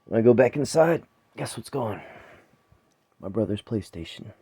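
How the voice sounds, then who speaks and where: A man telling a painful story from his own life to the camera, profane and emotional, loud when he is angry and quiet when he is full of regret. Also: medium pitch, expressive, moderate pace, long pauses, breathy edge, no room sound. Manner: raw, profane, emotional retelling; quiet and subdued when remorseful.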